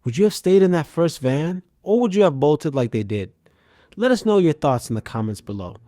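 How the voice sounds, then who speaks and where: A man narrating a scripted story with a steady, even storytelling delivery. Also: a little high, moderate pace, no room sound.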